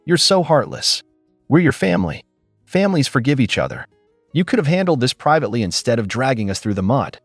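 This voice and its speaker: A man voicing a frantic, guilt-tripping middle-aged mother with a shrill, pleading manner. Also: big pitch swings, brisk, no room sound, soft background music.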